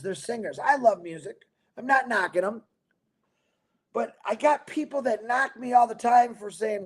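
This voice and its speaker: A man with a strikingly high voice hosts a livestream, talking straight to his viewers. He rambles from story to story and preaches hard about chasing your dreams, full of energy and restarts. He grew up in Michigan. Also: darkish tone. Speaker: livestream host. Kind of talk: motivational livestream talk.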